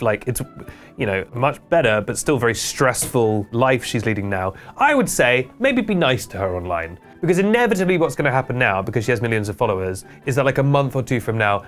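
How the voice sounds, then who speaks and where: A man hosting a comedic internet news vlog, with wry, deadpan asides. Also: mid-range voice. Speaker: host.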